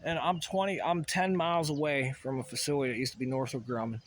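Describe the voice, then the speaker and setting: A man's voice: medium pitch, steady tone, fast talker, slight background noise. A man ranting in a rambling solo monologue, profane and agitated, full of asides and restarts. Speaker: vlogger.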